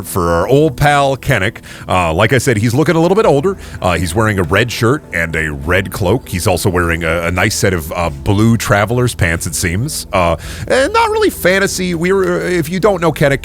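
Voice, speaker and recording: A man's voice: on the low side, fairly bright tone. A man narrating as game master of a tabletop role-play podcast, rambling with many fillers and restarts.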